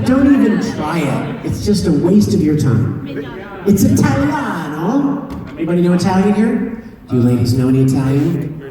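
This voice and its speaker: A man, a voice actor, chatting playfully and teasing the crowd at a convention Q&A, laughing often. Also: fairly high pitch. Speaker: voice actor guest at a fan convention Q&A. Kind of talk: casual convention Q&A. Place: large convention hall. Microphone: handheld phone camera from the audience. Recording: echoey convention hall from far off.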